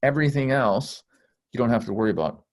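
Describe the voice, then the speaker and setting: A man's voice: medium pitch, expressive, fast talker. A man talking casually on a call as a spiritual teacher, blunt and intense, swearing freely as he rambles. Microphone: call microphone.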